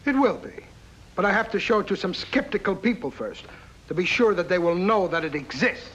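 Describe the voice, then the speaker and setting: A sneering foreign diplomat. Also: male voice, sits high, expressive, a little fast, a bit bright, slightly rough, highs cut off, heavily acted. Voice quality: sneering, accusatory. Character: scheming, sneering male foreign diplomat, middle-aged. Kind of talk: 1950s TV drama acting. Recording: faintly noisy old TV soundtrack.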